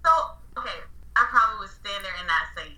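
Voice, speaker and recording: Animated woman telling a story, echoey. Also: mid-range voice, quick pace, recorded from a distance. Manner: animated, self-correcting, acts out dialogue. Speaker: guest storyteller. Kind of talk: casual storytelling.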